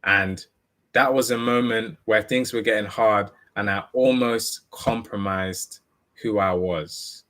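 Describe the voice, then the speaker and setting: A man's voice: fairly low pitch, steady tone, takes it slowly, a bit bright. A young man telling a personal story in an earnest, candid way, often repeating and restarting his phrases. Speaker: motivational speaker.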